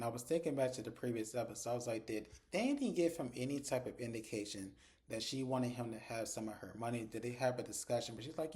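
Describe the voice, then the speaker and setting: A man's voice: medium pitch, fast talker. A man casually recapping a TV drama episode, acting out characters' dialogue in quoted voices and swearing freely. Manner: animated retelling, acts out dialogue in quoted voices, profane. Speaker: TV episode reviewer.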